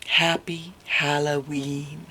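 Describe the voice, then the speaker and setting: A woman reading a picture book aloud to children, expressive and adding little asides to her listeners. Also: deep voice, takes it slowly, a little hiss or hum. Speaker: storytime reader.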